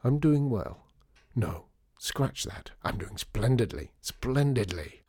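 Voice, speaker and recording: A man voicing Artie, a wry, theatrical former department store boss who talks with flair and sharp wit. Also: medium pitch, expressive, takes it slowly, breathy edge, no room sound, studio quality. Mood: buoyant.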